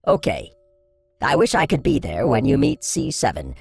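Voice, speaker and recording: A man's voice: mid-range voice, huge pitch swings, normal speed, gravelly, slightly rough, no room sound, faint music behind, voice pushed up, exaggerated voice. A man voicing a friendly, sassy alien robot with a light digital voice in an audiobook. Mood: playful. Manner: light-hearted, playful. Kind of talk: audiobook character voice.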